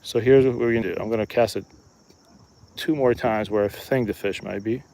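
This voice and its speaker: A man's voice: on the low side, a little fast, gravelly. A man giving casual, chatty live-stream commentary outdoors at a riverbank, talking to his viewers while he fishes. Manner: relaxed, chatty, talks to viewers while fishing. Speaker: fishing streamer.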